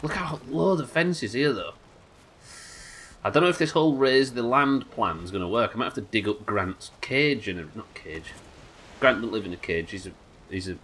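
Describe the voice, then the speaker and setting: A Yorkshire-accented man chats casually while streaming a game, swearing freely. His medium-pitched voice is a bit bright, with lively intonation and a normal pace. Slight background noise sits under the recording.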